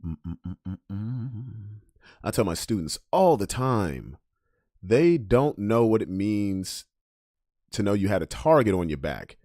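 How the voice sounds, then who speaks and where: A man talks straight into a close, dry microphone in a casual podcast rant. His pitch swings widely as he goes from loud, pointed emphasis to low muttering asides. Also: very animated, takes it slowly, no room sound, soft background music. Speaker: podcast host.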